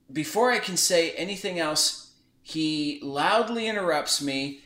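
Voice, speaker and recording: A man's voice: a little high, measured pace. A man hosting a podcast, telling a story in a casual chat and acting out the quoted lines. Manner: animated retelling, acts out quoted dialogue. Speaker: podcast host. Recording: echoey room.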